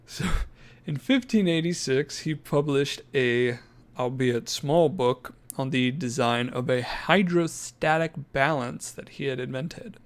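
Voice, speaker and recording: A man's voice: mid-range voice, slow. Joking man reading notes on a podcast. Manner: jokey, self-deprecating, laughs mid-sentence. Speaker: podcast co-host. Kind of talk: casual podcast chat, reading notes aloud.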